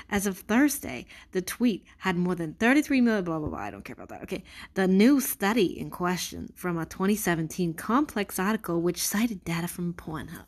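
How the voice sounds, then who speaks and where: A woman vlogger reading a news article aloud with sarcastic, exasperated commentary, swearing freely and slowing down to stress words she mocks. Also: on the low side, expressive, darkish tone.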